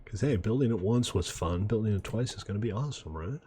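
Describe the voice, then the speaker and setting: A man casually commenting on his city-building game as he plays, relaxed and chatty with self-deprecating asides. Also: fairly low pitch, fast talker. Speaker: gaming video host. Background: faint mouse clicks and typing.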